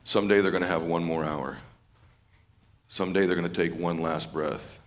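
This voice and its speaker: A man's voice: low voice, steady tone, moderate pace. A man giving a live motivational speech at an event, fervent and repeating phrases for emphasis. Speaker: motivational speaker.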